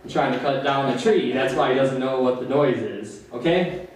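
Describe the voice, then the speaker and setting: A man's voice: medium pitch, moderate pace, a crowd in the background. A man with an Upper Midwest American accent doing stand-up at an open mic in a small cafe, rambling through long jokes with nervous laughs. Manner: rambling, self-deprecating joke telling with nervous laughs. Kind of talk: stand-up comedy. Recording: very echoey room, distant mic, faint hiss.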